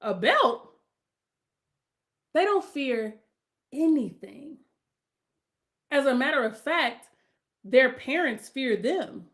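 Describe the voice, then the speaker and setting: A middle-aged woman hosting her own podcast, talking casually and bluntly with strong opinions, now and then rising into loud emphatic outbursts. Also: high voice, big pitch swings, takes it slowly, pauses often. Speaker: podcast host. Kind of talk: casual solo podcast rant.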